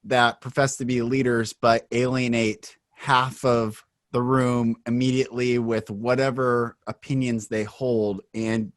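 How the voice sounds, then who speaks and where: A man's voice: medium pitch, little pitch movement, measured pace, hardly any pauses, no echo, clean studio sound. A man from Washington State hosting a podcast, upbeat in casual conversation, laughing often and acting out quotes. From Washington State, USA. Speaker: podcast host.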